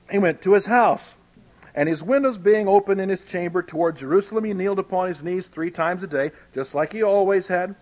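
A man's voice: sits high, a little mellow. A man preaching a sermon, explaining a Bible story in a folksy, conversational way.

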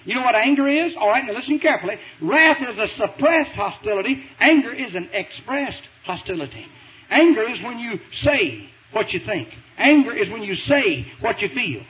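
A man preaching a sermon in a folksy, emphatic way, pushing into shouts, heard over a tinny radio broadcast. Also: very high voice, very animated, moderate pace. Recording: tinny phone-like radio broadcast with faint hiss.

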